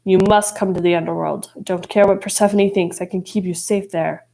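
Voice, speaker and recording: A woman voicing a gloomy, brooding male god of the dead, speaking low and pleading. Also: steady tone, a little fast, vocal fry, mellow.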